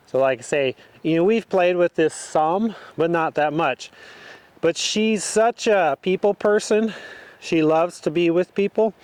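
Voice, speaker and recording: A man training a horse outdoors, talking the viewer through each step in a relaxed, casual way. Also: on the high side, smooth, no room sound. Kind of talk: casual instruction while working a horse.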